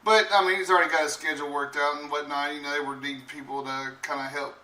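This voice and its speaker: A man's voice: fairly high pitch, little pitch movement, fast, pushed and bright, roomy sound, far from the mic, poor audio. A man hosting a morning radio show, chatting casually in a loose, rambling way. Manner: loose, rambling speech with many fillers.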